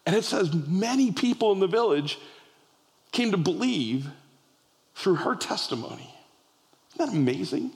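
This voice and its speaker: A male preacher tells a story in an animated sermon, often restarting his phrases. His voice sits fairly high for a man. A long reverb tail from a large hall follows his words. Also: a little slow, creaky, pauses often.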